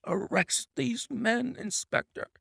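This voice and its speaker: A male audiobook narrator voicing a cool, commanding gentleman detective who speaks crisply and precisely. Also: medium pitch, big pitch swings, moderate pace, dry recording, studio quality. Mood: urgent.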